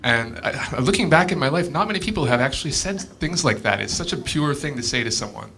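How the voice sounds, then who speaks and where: A man's voice: mid-range voice, lively intonation, fairly quick, sharp tone, a little hiss or hum. A man speaking a hesitant, heartfelt memorial tribute in a club hall. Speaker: musician giving a tribute.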